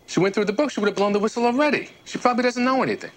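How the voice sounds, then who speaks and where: An actor playing a calm, dismissive co-conspirator who brushes off worries. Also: male voice, extremely high pitch, very fast, slight background noise. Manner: dismissive, reassuring.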